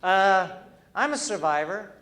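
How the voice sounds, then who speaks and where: A middle-aged cartoonist giving a humorous talk to an audience, playful and quick-witted with wry asides. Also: male voice, sits high, lively intonation, a bit bright. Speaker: cartoonist and speaker. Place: event hall before an audience.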